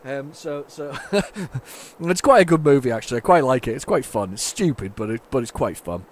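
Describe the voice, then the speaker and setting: A man's voice: mid-range voice, expressive, moderate pace. A man hosting a retro gaming video, chatting casually and rambling through his commentary with many fillers and restarts.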